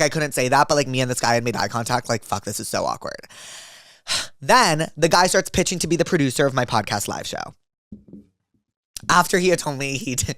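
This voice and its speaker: A young man hosting a podcast, telling a story in a fast, rambling, animated way full of "like". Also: on the high side, clear, resonant tone, no echo, clean studio sound. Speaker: podcast host. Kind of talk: casual storytelling chat.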